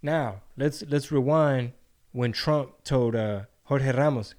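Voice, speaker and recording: A man chatting casually on a podcast. He swears freely and slangs it up, jumping into mocking impressions of people. His voice sits at an ordinary middle pitch. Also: takes it slowly, darkish tone. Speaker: podcast co-host. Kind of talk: casual profane chat.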